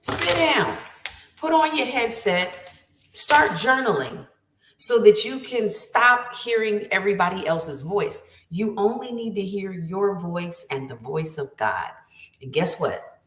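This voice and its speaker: A woman's voice: medium pitch, echoey room. A woman writing coach giving an emphatic, preachy motivational talk with lots of repetition.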